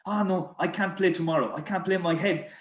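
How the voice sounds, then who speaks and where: A stubborn, flustered French footballer, put on by a man telling a story, whines in a high voice and a thick French accent. He repeats the same complaint over and over. The sound is roomy and a little dull. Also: a little fast, lightly acted.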